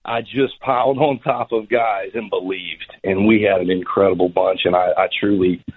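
A man's voice: sits low, fairly even intonation, normal speed, slightly rough. A man, a former ballplayer, telling a long story as an interview guest, rambling with many restarts. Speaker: former baseball pitcher, guest. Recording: tinny phone-line radio audio.

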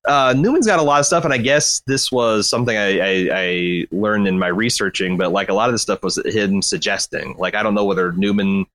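A man's voice: on the low side, fairly quick, few pauses, dry recording. A man in casual podcast chat about a movie, rambling and correcting himself as he talks. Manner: rambling, self-correcting, animated. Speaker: podcast co-host. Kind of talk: casual film discussion.

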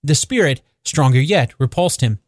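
A man narrating a classic novel as an audiobook, with expressive, measured storytelling. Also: a little high, no room sound, studio quality.

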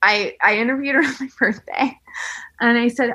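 Woman in her thirties, podcast host, casual chat, bright tone, husky voice, animated storytelling. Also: medium pitch, fast talker. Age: 30s. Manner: animated storytelling, acting out quotes, lots of "like".

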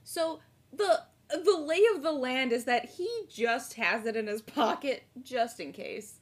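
A young woman co-hosting a rewatch podcast, chatting casually with quick comic asides and swearing. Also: high voice. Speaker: podcast co-host. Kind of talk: casual chat.

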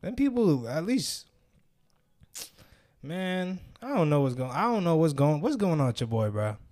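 A man's voice: on the high side, sing-song, moderate pace, darkish tone. A young man hosting a podcast, telling stories in casual chat with lots of slang and frequent laughter. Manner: loose slang-heavy storytelling, laughs often. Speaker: podcast host.

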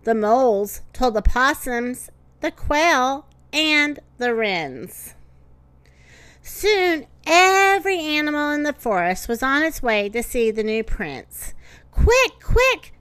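A woman hosting a children's story podcast, reading a storybook aloud with lively, sing-song voices. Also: sits high, slow, no echo.

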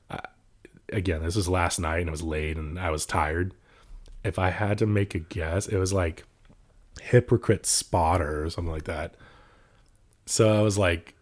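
A young man from California telling stories in casual chat, animated, laughing often and mimicking the people he quotes. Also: sits low. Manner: animated storytelling, laughs often, voices others.

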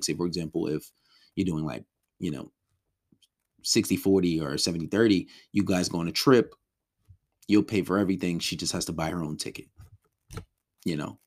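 A man with a very low voice talks through a relationship lesson. His delivery is loose and conversational, full of ums and restarts. He slips into quick acted-out quotes of the men he coaches. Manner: loose and conversational, many ums and restarts, acts out clients' complaints. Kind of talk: casual spoken lesson.

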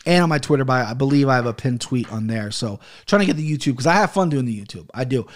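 A podcast host in his home studio office speaks fast and animatedly in a mid-range voice. He's ranting heatedly, swearing often, into a studio microphone on an arm.

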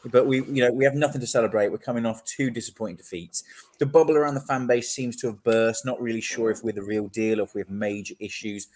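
A man's voice: mid-range voice, fast, a little mellow. A man hosting a casual sports podcast. He talks with energy and steers the discussion. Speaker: podcast host.

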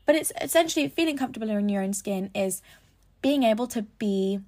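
A woman's voice: medium pitch, fairly quick, darkish tone. A young woman hosting a podcast, talking in a chatty, rambling way and correcting herself as she goes. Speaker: podcast host. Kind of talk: casual podcast monologue.

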